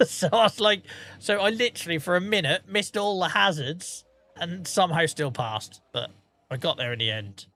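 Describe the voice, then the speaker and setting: Knackered guy streaming, bright kinda high voice, chatty rambly and sweary. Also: normal speed. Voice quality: tired, swears casually, rambling anecdotes. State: tired. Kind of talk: casual livestream chat with viewers.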